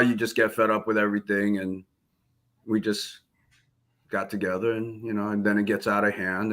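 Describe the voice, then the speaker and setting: Man, New Jersey accent, low voice, bright forceful tone, laid-back storyteller, laughs often. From Philippines. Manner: laid-back, laughing, acts out quoted dialogue. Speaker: guest martial arts instructor. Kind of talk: casual storytelling interview.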